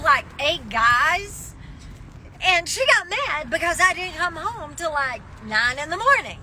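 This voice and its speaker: A woman's voice: very high voice, sing-song, unhurried, background noise. A woman telling a dramatic story to her phone from inside a car, laughing often as she goes. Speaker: social media live streamer. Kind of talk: casual storytelling.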